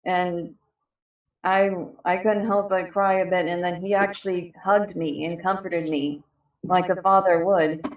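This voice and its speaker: A young woman telling a personal story casually, halting with many fillers and restarts. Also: lowish voice, level tone, highs cut off. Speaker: panel guest. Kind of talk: casual storytelling on a live stream. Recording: echoey distant mic.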